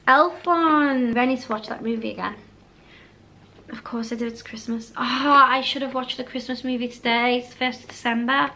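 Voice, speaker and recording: A British woman chats through a casual haul vlog in a bright, forceful voice that sits a little high. She rambles freely and keeps drifting off topic. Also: slight background noise. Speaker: vlogger.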